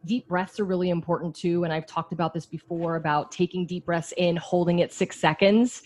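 A woman's voice: fairly low pitch, fairly even intonation, fairly quick, a little mellow, slight background noise. A woman in a casual chat, earnestly sharing advice from her own experience and swearing now and then.

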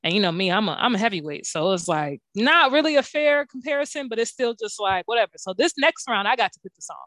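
A young woman co-hosting a casual chat, telling stories with lots of swearing and big swings in pitch. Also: quick pace, no room sound, clean studio sound. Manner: profane, animated storytelling with big pitch swings. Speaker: podcast co-host.

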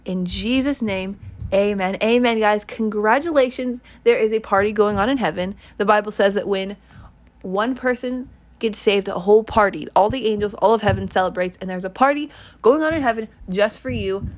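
A woman's voice: mid-range voice, brisk. A woman giving an earnest, rambling online sermon, repeating her points and leading a prayer. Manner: earnest, repetitive, rambling exhortation. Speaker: online preacher.

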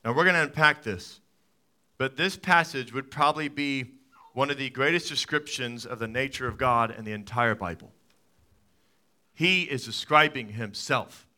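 A man in his thirties preaching a sermon as a pastor, telling stories with lively swings from loud excitement to quiet, soft talk. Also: mid-range voice, normal speed. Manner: animated storytelling, rising to loud excited peaks then dropping soft.

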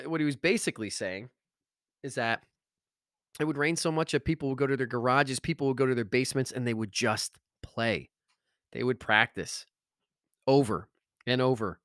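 Energetic middle-aged male podcast host, motivational monologue, emphatic, very dry recording. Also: mid-range voice, dry recording. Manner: energetic, emphatic, repeats phrases for effect.

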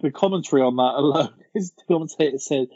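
A man with a husky voice hosts a casual chat about films, steering the talk and laughing often. The sound is dry and a little dull. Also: a little high, fast talker, darkish tone, no room sound. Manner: laughs often, leads the categories. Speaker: podcast host.

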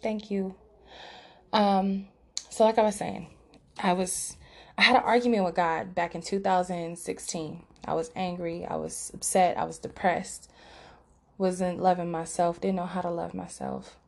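A young woman on her podcast speaks candidly and emotionally, her voice sitting a little low for a woman. She talks with frequent fillers and self-corrections, telling a personal story from a room outside her usual setup. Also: level tone, a little slow, vocal fry. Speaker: podcast host. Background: outside noise through an open window.

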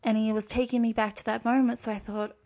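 A woman's voice: on the high side, little pitch movement, quick pace, a little mellow. Earnest young Australian woman confiding. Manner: earnest, reflective, emotional. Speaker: podcast host. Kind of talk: confessional storytime monologue.

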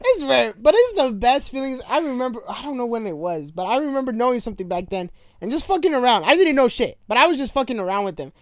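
A man's voice: extremely high pitch, big pitch swings, fast talker, few pauses, no room sound, clean studio sound. A young man in casual podcast chat, rambling and swearing, laughing often. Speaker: podcast co-host. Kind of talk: casual chat between friends.

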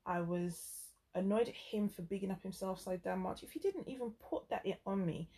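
Brief: woman, mid-pitched, frank and exasperated storyteller in casual chat. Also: fairly quick, warm tone.

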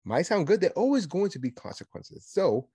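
A man hosting a political podcast, talking in an animated, sarcastic monologue and mocking his opponents. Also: high voice, normal speed, slightly rough, no echo, clean studio sound. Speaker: podcast host.

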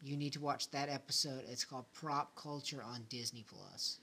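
A man's voice: mid-range voice, moderate pace, gravelly, bright, forceful tone, slight background noise. Male podcast host, rambling chat. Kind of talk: casual chat.

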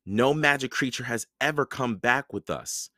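A man's voice: medium pitch, normal speed, pushed and bright, no room sound, clean studio sound, pitched above the performer's own voice, close to an everyday voice. A man reading aloud and voicing a cautious, bookish young boy in a storybook, with a raised, earnest voice.

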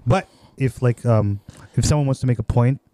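A man's voice: mid-range voice, normal speed, mellow, no room sound. A man co-hosting a podcast, rambling casually with many fillers and restarts. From Philippines. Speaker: podcast co-host. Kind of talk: casual chat.

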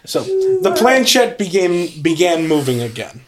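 A man reads a creepy tale aloud for a podcast, leaning into the drama and building suspense line by line. His voice sits a little high for a man. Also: wildly swooping pitch, measured pace, very noisy. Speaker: podcast host reading a story. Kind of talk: dramatic story reading.

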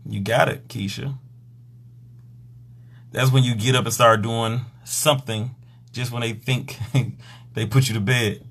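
A man's voice: mid-range voice, fairly even intonation, a little slow, creaky, pauses often, fairly bright tone, breathy edge. A man hosting a live stream, talking casually and crudely about sex, acting out what people say in mocking voices. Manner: crude, joking, acts out quotes.

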